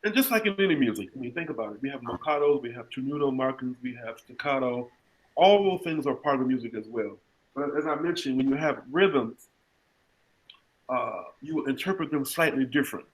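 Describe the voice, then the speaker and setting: A man teaching jazz articulation in an online clinic, breaking into scat syllables to demonstrate rhythms in a lively, humorous way over a video call. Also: medium pitch, fairly quick, low-quality recording. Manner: scat-sings rhythm examples between explanations. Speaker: jazz music educator. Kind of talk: online music clinic lecture.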